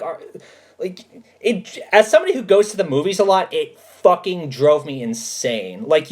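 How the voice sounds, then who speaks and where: A man hosting a casual livestream, answering chat and telling stories in an emphatic, animated way with plenty of swearing. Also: on the high side.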